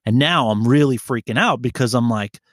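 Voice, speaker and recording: A man's voice: mid-range voice, normal speed, dry recording, studio quality. A man telling a rambling, profane story in casual chat. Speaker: podcast co-host telling a story.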